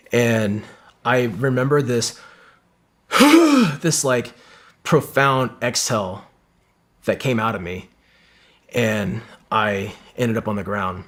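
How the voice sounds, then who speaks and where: A man's voice: medium pitch, a bit bright. A man telling an intense combat story as a podcast guest, swearing often and acting out what his teammates said. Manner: intense, profane, storytelling with quoted dialogue.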